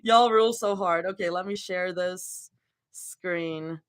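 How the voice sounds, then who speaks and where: A woman with a lowish voice speaks slowly as she reads fanfiction on a live stream and chats with viewers. She giggles often and her talk is full of casual fillers.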